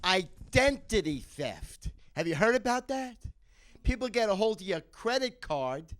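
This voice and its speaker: A male stand-up comic with a notably high voice, firing off short setups and landing the punchlines deadpan. His delivery is clipped and punchy. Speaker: stand-up comedian. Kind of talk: stand-up one-liners.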